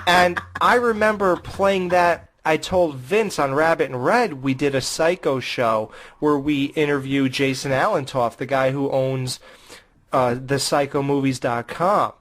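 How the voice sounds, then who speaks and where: A man's voice: fairly high pitch, a little slow. A man co-hosting a horror movie podcast in casual chat, telling stories with acted-out quotes. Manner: animated, acts out quotes. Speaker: podcast co-host.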